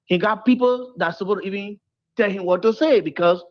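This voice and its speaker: Male caller, mid pitch, measured and emphatic, muffled phone. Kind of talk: call-in opinion.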